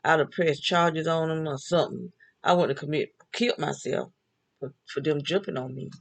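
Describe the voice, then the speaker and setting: Older woman, gravelly voice, chatty storyteller who laughs often. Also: low-pitched, moderate pace, poor audio. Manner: chatty, laughs often, talks back and forth with herself. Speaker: vlogger. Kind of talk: casual storytelling monologue.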